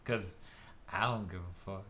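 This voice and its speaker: A man's voice: low-pitched, steady tone, a little slow, a bit bright, slight background noise. A young man co-hosting a casual gaming podcast, joking loosely and swearing freely. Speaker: podcast co-host. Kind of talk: casual chat.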